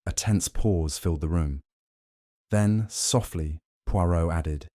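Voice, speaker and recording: A man narrating a mystery audiobook in the first person, with steady, measured storytelling. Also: sits low, dry recording, clean studio sound.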